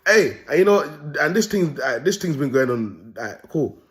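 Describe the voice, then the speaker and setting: Young man, London accent, comic rant, animated, swears a lot, laughs at himself. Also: on the high side, moderate pace. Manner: animated, swearing, laughing at his own jokes. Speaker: host. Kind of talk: ranting comedic commentary.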